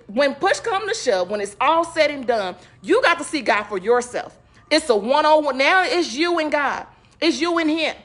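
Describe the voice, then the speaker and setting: A woman's voice: high voice, a bit bright. Earnest woman host talking about faith. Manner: earnest, conversational, emphatic preaching tone. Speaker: podcast host. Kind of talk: casual faith talk monologue.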